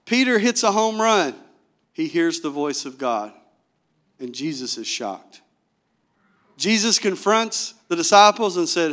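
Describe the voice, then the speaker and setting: A man's voice: a little high, sing-song, a little slow, long pauses, a bit bright. A male pastor preaching a sermon, telling the story with animation and asking the congregation direct questions.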